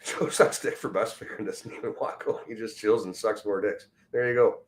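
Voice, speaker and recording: A man's voice: fairly low pitch, steady tone, normal speed. A middle-aged man who mumbles and slurs his words, hosting a livestream and ranting at his chat with constant swearing. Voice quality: mumbling, slurred diction. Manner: crude, swearing, combative toward chat. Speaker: livestream host. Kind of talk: profane casual rant.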